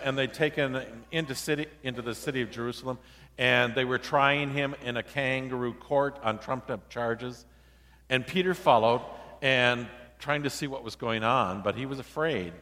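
A male pastor preaching a sermon in a relaxed, conversational, storytelling way, acting out the quoted dialogue. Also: mid-range voice, in a large hall.

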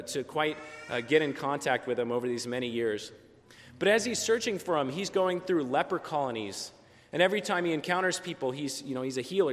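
A man preaching a Christmas sermon, telling a story gently and dropping softer for quieted moments. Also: medium pitch. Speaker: pastor. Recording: long church reverb.

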